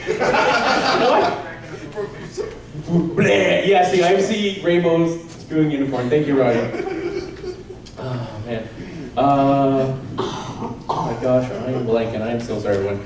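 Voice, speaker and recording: A man from Canada doing a stand-up comedy set, animated and self-deprecating, often breaking into laughs. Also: mid-range voice, measured pace. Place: large convention hall. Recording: echoey convention hall from far off, crowd noise.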